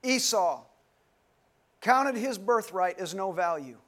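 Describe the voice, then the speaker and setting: High-voiced man preaching a sermon. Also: animated, slow pace, fairly bright tone. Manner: call-and-response, repeats questions, calls out listeners by name. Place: dim church hall, live congregation.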